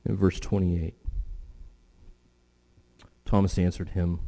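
Emphatic low-voiced male preacher. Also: dark tone. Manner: emphatic, slowing on key phrases. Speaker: pastor. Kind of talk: sermon.

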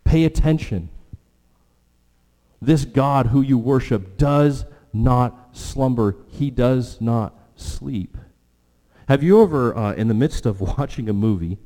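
A man preaching a sermon as pastor, earnest, with animated stretches and hushed prayerful moments. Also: mid-range voice. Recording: long hall reverb.

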